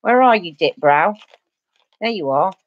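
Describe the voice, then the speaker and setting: A woman's voice: fairly low pitch, animated, measured pace, no echo, dull audio. A Cockney woman from East London, a beauty vlogger chatting casually and rambling through stories while doing her makeup on a livestream.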